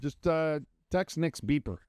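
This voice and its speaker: A man's voice: on the high side, expressive, unhurried, a little mellow, smooth, no echo, studio quality. A man co-hosting a podcast who chimes in with teasing jokes and laughter during casual banter. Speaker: podcast co-host.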